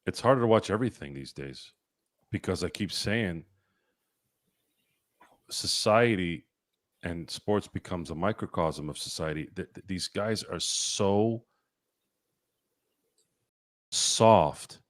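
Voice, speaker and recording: Blunt guy ranting on a sports podcast, kinda low voice, dry sound, swears a lot. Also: animated, slow, long pauses, no room sound. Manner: swears casually. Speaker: podcast co-host. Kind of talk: casual sports podcast chat.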